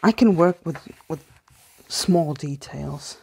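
A woman speaking English as a second language, chatting softly through a casual book haul vlog and slipping into hushed whispers of delight. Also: sits low, slow pace, gravelly, husky. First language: not English. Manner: soft-spoken, often drops to a hushed whisper in awe; hesitant, with fillers and restarts. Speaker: vlogger.

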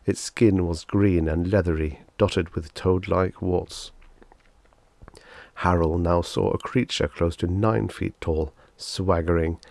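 A man narrating a science fiction short story in a measured, steady reading. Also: low-pitched, vocal fry, dry recording. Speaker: audiobook narrator.

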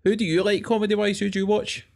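A man's voice: high voice, level tone, fast talker, gravelly, darkish tone. A man hosting a casual podcast, asking short questions and agreeing briefly. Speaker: podcast host. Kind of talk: casual interview chat.

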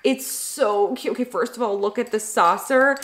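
A young woman vlogging at home, chatting excitedly as she unboxes gifts and gushes over them. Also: on the high side, moderate pace. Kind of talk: casual unboxing vlog.

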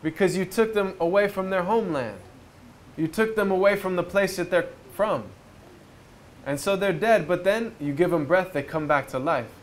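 A man with a slightly higher voice gives a reflective spiritual talk outdoors near a river. He tells stories in a relaxed, conversational way and keeps asking his audience rhetorical questions. Faint ambient noise sits behind him. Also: normal speed. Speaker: speaker at a retreat.

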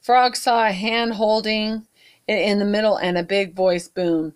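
Slow, expressive storytime reader, woman. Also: mid-range voice, clean tone. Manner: warm, expressive read-aloud with asides to kids. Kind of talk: reading a picture book aloud to children.

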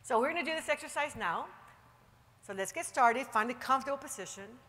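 A woman leads a motivational seminar, pressing her points with emphatic, rallying drive before slowing into calm guided relaxation. Her voice sits fairly high and rings bright and forceful. It carries with a long reverb through a large hall. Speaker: motivational speaker.

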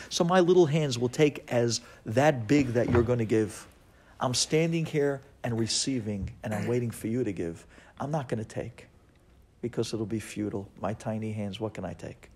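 Preacher, male rabbi, fervent sermon delivery, mid-range voice. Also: mid-range voice. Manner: impassioned, swings from hushed to shouting.

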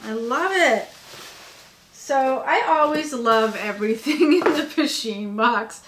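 A woman's voice: a little high, lively intonation, slow, a bit bright, slight background noise. Tired, gushing woman unboxing cute items. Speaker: vlogger. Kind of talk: casual unboxing chat. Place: home workspace. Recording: echoey room with faint ambience.

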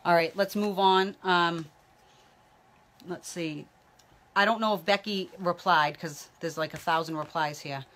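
A woman's voice: lowish voice, fairly even intonation, a little slow, fairly bright tone. Lady medium doing readings on a livestream, rambly and chatty, calling out names as she goes. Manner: chatty, rambling, calls viewers by name; talks while a baby tugs at her hair. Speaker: psychic medium. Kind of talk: live-streamed reading, chatting with viewers.

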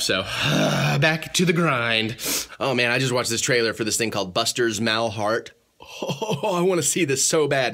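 A young man talks casually to his camera in a vlog. His voice is bright and ringing, and his speaking pitch sits in a middle range. He turns animated and swears freely when something annoys him. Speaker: vlogger.

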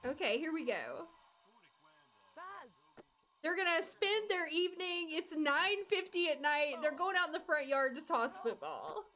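Young adult woman, game streamer, high and very lively, laughing and coaxing. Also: unhurried. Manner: animated, laughing, coaxing the characters. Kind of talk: live game commentary.

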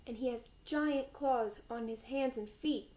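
A woman voicing a scared young girl raccoon in a children's storybook, slow and wailing. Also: on the high side, mellow, natural voice, rough recording.

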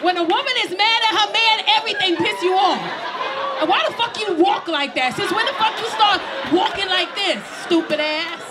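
A man doing crowd-work stand-up at a comedy club, loud and profane, laughing between his jokes. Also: extremely high pitch, moderate pace. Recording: loud crowd and room noise.

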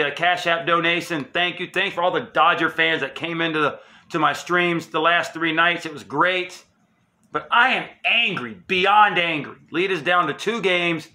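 A man's voice: on the high side, pushed and bright. A man hosting his own sports channel, delivering a heated, emphatic, profane fan rant.

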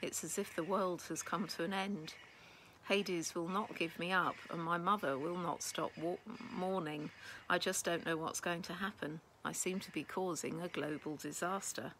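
A woman voicing a gentle, tearful young goddess who speaks softly and pleadingly. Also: fairly low pitch, steady tone, moderate pace, slight background noise, natural voice, rough recording. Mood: sorrowful. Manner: soft-spoken, pleading.

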